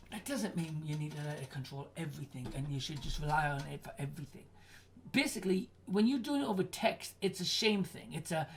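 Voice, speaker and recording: A woman in her forties hosting an advice stream, blunt and swearing freely as she rants at a listener. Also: fairly low pitch. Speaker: advice show host.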